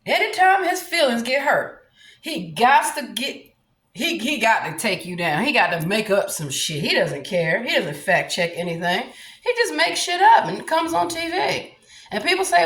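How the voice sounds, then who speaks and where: A brash woman with a Southern US accent delivers a profane, combative rant to camera. Her fairly high voice swoops up and down as she talks. The room around her rings with echo. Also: big pitch swings, normal speed, fairly bright tone. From New Orleans, USA. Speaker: vlogger. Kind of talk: ranting monologue to camera. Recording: roomy echo.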